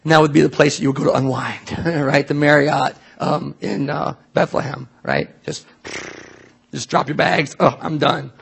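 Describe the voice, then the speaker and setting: A man preaching a sermon in a church, conversational and animated, full of asides and questions to the congregation. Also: fairly high pitch, normal speed, gravelly, slightly rough. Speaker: pastor.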